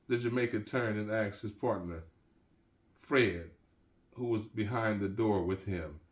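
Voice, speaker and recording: A man's voice: lowish voice, a little slow. A man reading his own crime novel aloud, casual, with street-slang asides and restarts. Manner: relaxed, street slang, restarts mid-sentence.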